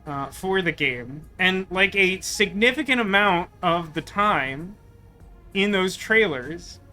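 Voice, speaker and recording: A man's voice: high voice, bright, forceful tone. A man streaming a video game, talking in a wry, rambling, sarcastic way in casual let's-play commentary.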